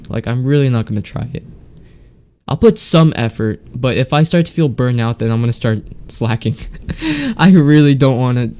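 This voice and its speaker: A man's voice: mid-range voice, warm tone, clean tone. A teenage boy hosting a podcast alone, rambling in casual chat with lots of fillers and restarts, sounding congested from a sore throat. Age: teens. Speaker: podcast host. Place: home, alone.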